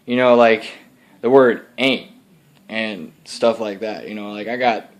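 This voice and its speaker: A young adult man voices his laid-back Texan alter ego, a slangy bro who drawls and lectures with "dude" and "bro" in a cocky mood. He has a Texas accent, and his lowish voice moves at a measured pace, lightly acted.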